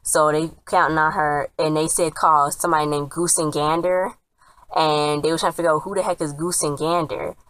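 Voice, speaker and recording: Low-voiced woman chatting through a recap. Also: fairly even intonation, normal speed, a bit bright, dry recording, rough recording. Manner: rambling, chatty retelling that quotes characters often. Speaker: TV episode reviewer. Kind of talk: casual spoken recap.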